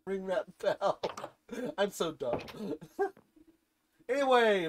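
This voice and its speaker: A woman giving casual gameplay commentary, rambling from low mumbles to excited shrieks and talking to the game's items. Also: very slow, long pauses. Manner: talks to game items, swears casually. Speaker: gaming channel host.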